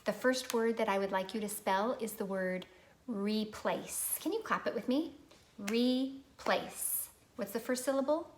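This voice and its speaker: A woman's voice: on the high side, fairly quick, few pauses, slight background noise. A woman teaching a recorded phonics lesson to young children, patient and prompting them to repeat words.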